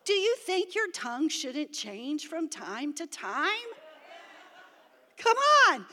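A middle-aged woman preaches to a church with a very high, bright voice. Her testimony is animated, swinging up to shouts. The sound carries long reverb from a big church hall. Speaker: pastor's wife preaching. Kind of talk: sermon.

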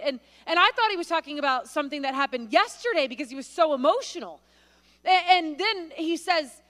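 A woman's voice: high-pitched, fast talker, a bit bright, big-room sound. A woman speaking at a church, preaching conversationally with plenty of fillers and restarts. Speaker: guest speaker. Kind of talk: sermon with storytelling. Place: church sanctuary.

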